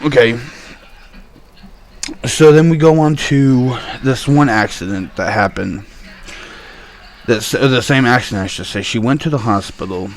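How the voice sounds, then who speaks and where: A young man in full rant mode, telling his story with angry, animated energy and a steady stream of swearing. His voice sits at an ordinary middle pitch for a man, and he talks straight to the camera like a vlogger venting. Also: a little slow, pauses often, slight background noise.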